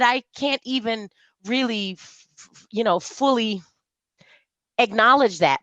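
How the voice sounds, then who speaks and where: Animated woman telling stories on a podcast. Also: fairly high pitch, dry recording, lo-fi sound. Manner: animated storytelling, mimics coworkers' voices. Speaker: podcast guest. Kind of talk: casual conversational interview.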